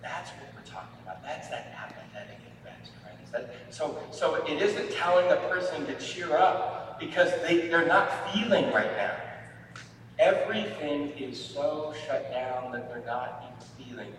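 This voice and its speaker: A man, a family therapist, giving a sermon-style talk to a church audience, with halting speech and repeated words. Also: on the high side, fairly bright tone, a little hiss or hum. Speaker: marriage and family therapist speaking at a church event. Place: church hall. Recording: echoey hall from far off.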